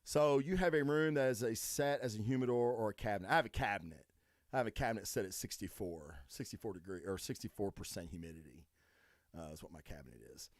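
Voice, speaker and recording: A man's voice: fairly low pitch, fast, no echo, clean studio sound. A man hosting a podcast, talking in a crude, rambling way and swearing constantly. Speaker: podcast host. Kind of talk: profane casual monologue.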